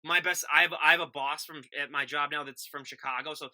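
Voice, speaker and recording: A Minnesotan man hosts a casual interview and rambles through tangents at a rapid clip. His voice is very bright and forceful, and he sounds tired after a day of work. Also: on the high side, steady tone. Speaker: podcast host.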